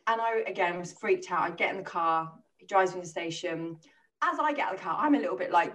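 A woman in her thirties telling a lively, sweary anecdote as a podcast co-host. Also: fairly low pitch, fast, far from the mic. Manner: swearing, anecdotal, animated retelling with quoted voices. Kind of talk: casual storytelling chat.

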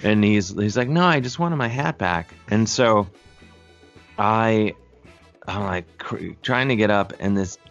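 A low-voiced man telling a story in a loose, rambling way, full of fillers and restarts. He jumps into the voices of the people in his story. The audio is dull and lo-fi with faint music underneath. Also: expressive, a little slow, fairly bright tone. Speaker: storyteller guest. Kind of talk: casual anecdote.

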